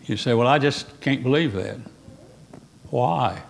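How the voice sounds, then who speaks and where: Male preacher, sermon, folksy, rhetorical questions, quotes scripture, mid-pitched voice. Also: unhurried, vocal fry, a little hiss or hum. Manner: quotes King James scripture.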